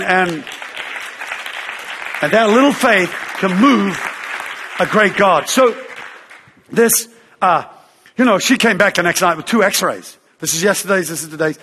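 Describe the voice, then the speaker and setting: A man preaching and telling a story, animated, acting out the voices of others and using fillers like "uh" and "you know". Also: high-pitched, husky, big-room sound. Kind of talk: sermon storytelling.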